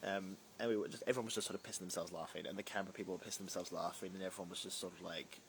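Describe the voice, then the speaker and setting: Racing along in a deep, steady, creaky voice against a noisy background, a young drag performer answers viewer questions on a livestream. He reads the live comments aloud and replies casually, rambling off on asides and using plenty of fillers.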